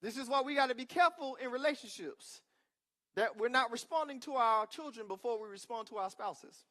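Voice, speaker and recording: A male pastor preaching a sermon with emphatic call-and-response asides, swinging between loud declarations and quiet remarks. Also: very high voice, animated, fairly quick.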